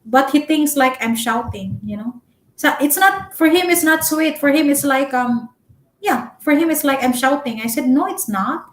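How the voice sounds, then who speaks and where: A young Filipino-accented woman, a Cebuano speaker, giving relationship advice in a chatty, loud-spoken live-stream vlog full of fillers. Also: sits high, normal speed. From Philippines. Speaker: vlogger. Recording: echoey room.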